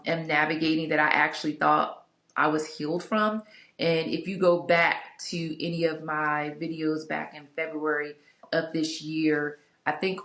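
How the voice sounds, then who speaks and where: A woman's voice: low voice, a bit bright. Chatty woman in an echoey room. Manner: candid, chatty, many fillers and asides. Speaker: vlogger sharing a couples Bible study. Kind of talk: casual reflective talk to camera.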